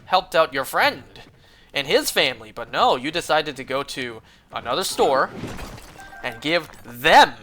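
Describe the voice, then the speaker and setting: A man's voice: on the high side, pushed and bright. A young man streaming a game, telling a rambling, profane story in casual chat, full of fillers. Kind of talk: casual chat while gaming.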